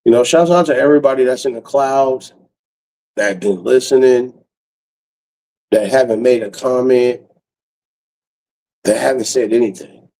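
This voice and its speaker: A man's voice: medium pitch, a little slow, pauses often, mellow, low-quality recording. A man talking to his viewers in a loose, profane, rambling late-night livestream chat, laughing often.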